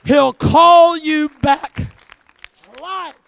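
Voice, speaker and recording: Hoarse shouting preacher, high and gravelly. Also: male voice, fairly even intonation, extremely slow. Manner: shouted preaching with call-and-response exhortations. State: hoarse from a recent respiratory infection. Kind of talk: sermon.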